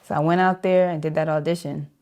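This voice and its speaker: Lively New woman telling stories. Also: low-pitched, quick pace. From New York. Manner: lively, laughs often, acts out voices in her stories. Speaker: saxophonist, interview guest. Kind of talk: animated storytelling with acted-out quotes.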